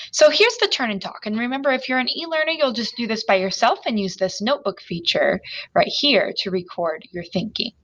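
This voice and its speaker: A woman's voice: mid-range voice, a bit bright, dull audio. A woman teacher explaining a reading lesson to students online, reading text aloud and talking it through with restarts.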